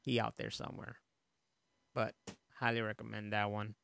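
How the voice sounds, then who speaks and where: A man co-hosting a podcast, chatting in a relaxed, rambling way with frequent laughs and casual swearing. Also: lowish voice, normal speed, creaky, clean tone. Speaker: podcast co-host. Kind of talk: casual chat.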